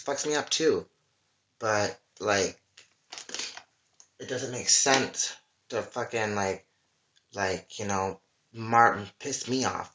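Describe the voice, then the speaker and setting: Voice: mid-range voice, fairly bright tone. A livestreamer in a casual, rambling monologue, emotional and full of swearing. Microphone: webcam or phone mic.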